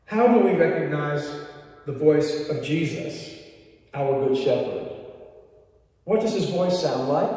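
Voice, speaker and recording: Middle-aged priest, slow measured homily, a bit high for a man, heard from a distance with long church reverb. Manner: slow, gentle preaching with playful voice impressions in anecdotes. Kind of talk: sermon. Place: large church.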